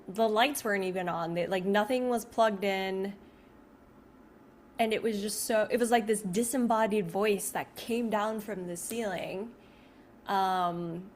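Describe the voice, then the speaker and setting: A woman talks casually straight to her audience, circling back and restarting her sentences as she goes. Her pitch sits in a middle range and she leans on "like" constantly. A faint hum of background noise sits under her voice. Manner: rambling, heavy use of "like", frequent restarts. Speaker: video creator. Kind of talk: casual storytelling to camera.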